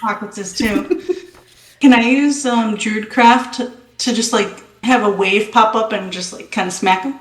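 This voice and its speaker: A woman's voice: fairly high pitch, unhurried, roomy sound. A woman playing in a tabletop game who talks in a hesitant, easygoing way. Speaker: player.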